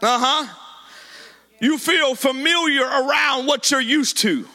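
A man preaching a sermon with a shouted, sing-song cadence, repeating his lines for emphasis. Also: extremely high pitch, slow pace.

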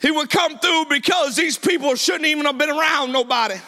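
A man preaching a sermon with a shouted, sing-song cadence, repeating his lines for emphasis. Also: very high voice, fairly quick.

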